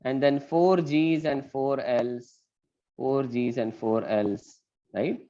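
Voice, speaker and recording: A man's voice: medium pitch, fairly even intonation, slow, warm tone. A man teaching an online class, asking questions and explaining step by step. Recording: muffled lo-fi call audio.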